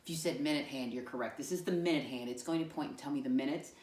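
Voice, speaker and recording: A woman with a low, darkish voice speaks fast while teaching a class of young children, asking patient, sing-song questions. The mic sits far off in an echoey room.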